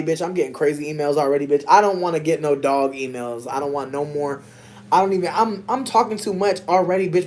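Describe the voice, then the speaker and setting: A woman, chatting casually on a livestream with her viewers, animated and slangy with loud laughing outbursts. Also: lowish voice. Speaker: livestream host reacting to chat.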